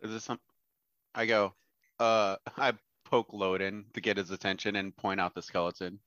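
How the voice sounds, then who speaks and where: A man playing a tabletop game, answering tersely and deadpan. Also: on the low side, moderate pace, no room sound. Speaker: player. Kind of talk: casual tabletop role-play. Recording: slightly muffled dry recording.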